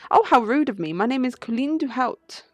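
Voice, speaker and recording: A woman's voice: lively intonation, brisk, no room sound, faint music behind. A woman voicing a nervous, polite giraffe housemaid with a muffled voice, reading a game aloud. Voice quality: muffled, as if from high up. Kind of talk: game playthrough read-aloud.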